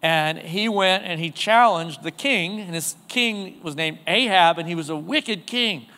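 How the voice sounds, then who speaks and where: High-voiced pastor preaching in a reverberant church. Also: male voice, measured pace, pushed and bright. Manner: conversational preaching, asks the congregation questions. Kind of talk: sermon. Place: church sanctuary.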